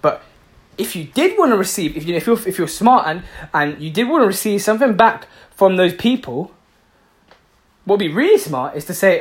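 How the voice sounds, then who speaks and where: A man's voice: sits high, very animated, a little fast. Fervent, swearing motivational man. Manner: emphatic, repetitive, swears freely. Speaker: motivational speaker. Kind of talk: passionate motivational talk.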